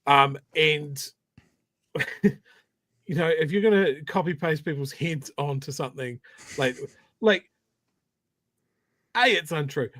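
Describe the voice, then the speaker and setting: A man co-hosting a casual political podcast, animated and emphatic, repeating his words for stress. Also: fairly high pitch, takes it slowly, long pauses, no room sound. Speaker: podcast co-host.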